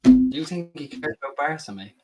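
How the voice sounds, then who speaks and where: A man's voice: fairly high pitch, huge pitch swings, a little fast, mellow, husky, low-quality recording. A man co-hosting a football watch-along, bantering bluntly and swearing. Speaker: co-host.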